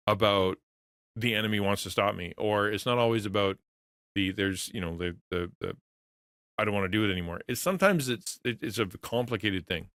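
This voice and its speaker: A man's voice: fairly low pitch, a bit bright, no echo, studio quality. A middle-aged man in a casual livestream, talking earnestly to his chat, rambling with many restarts and repeated words. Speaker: streamer and pastor to creators.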